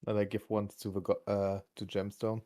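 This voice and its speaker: A man's voice: on the low side, completely flat delivery, warm tone. A man playing a tabletop game on a live stream, chatting casually and stopping often to find his words. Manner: hesitant, halting with fillers. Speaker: player.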